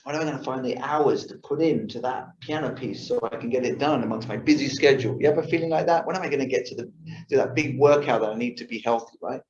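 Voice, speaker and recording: A man's voice: medium pitch, fast talker, darkish tone, slight background noise. A man giving a casual lifestyle talk to a yoga class, acting out his own thoughts and often checking in with the audience. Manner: chatty, acts out his own thoughts, asks the audience "right?". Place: yoga studio. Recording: roomy, dull lo-fi sound.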